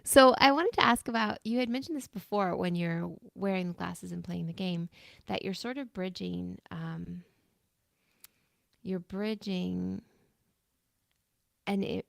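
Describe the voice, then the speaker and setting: A woman's voice: on the low side, unhurried, creaky, long pauses, dry recording, clean studio sound. A woman hosting a livestream interview, asking questions in a hesitant, thoughtful way. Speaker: livestream host.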